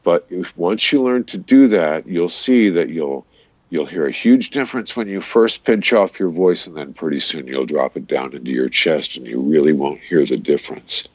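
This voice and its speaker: A man, a voice-over artist and radio DJ, chatting in an interview and explaining voice technique in an easy way, with a deep, resonant voice. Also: normal speed, darkish tone, no echo, muffled recording. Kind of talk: casual interview chat.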